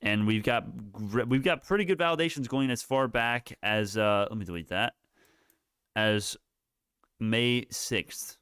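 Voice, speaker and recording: A man hosts a live market stream, talking through price moves as they happen. He rambles, restarts sentences and swears casually. His voice is smooth and clear, with a dry, close sound and no room echo. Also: lowish voice, unhurried, fairly bright tone. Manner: rambling, self-correcting, profane. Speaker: livestream stock market host.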